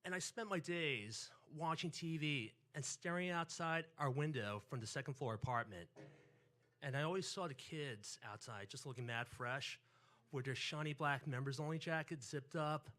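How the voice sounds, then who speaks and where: New guy in his 40s telling a story from his childhood, bright and lively, acts out the voices. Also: a little high. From New York. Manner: animated, acts out quotes and family voices. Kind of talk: live personal storytelling.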